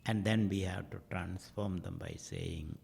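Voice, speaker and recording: A middle-aged man leads a guided meditation in a very low, gravelly voice. He speaks slowly and calmly, and his phrase endings often fade into a whisper. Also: slight background noise. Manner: slow, measured, trailing into whispers at phrase ends. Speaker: meditation teacher.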